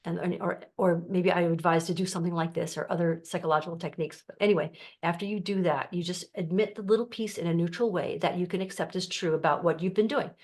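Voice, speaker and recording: A middle-aged woman, a life coach, talks straight to her viewers in a calm, explaining way. Her voice sits a little low, and now and then she briefly acts out the people she quotes. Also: fast, few pauses. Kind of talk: teaching to camera.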